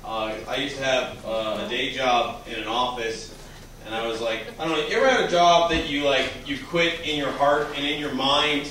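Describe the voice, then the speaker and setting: A man from Canada doing an animated stand-up comedy set on a club stage, building to shouts on the punchlines. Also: mid-range voice, normal speed, a little hiss or hum. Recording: echoey club from a distance, crowd laughing.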